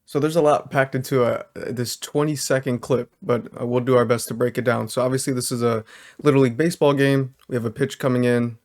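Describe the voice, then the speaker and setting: A man working as a social worker, hosting a reaction video and calmly explaining a clip while hedging his statements. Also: mid-range voice, a little fast.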